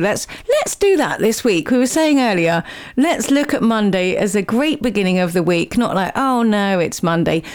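A woman's voice: medium pitch, darkish tone. A young woman hosting a local radio show, chatting casually and upbeat between songs with a self-mocking humor. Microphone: studio microphone.

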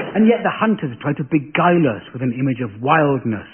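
A man's voice: on the high side, sing-song, a little slow, slightly rough. An English man hosting a comedy panel show, delivering a satirical monologue in a dry, sardonic way. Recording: lo-fi phone-like radio broadcast.

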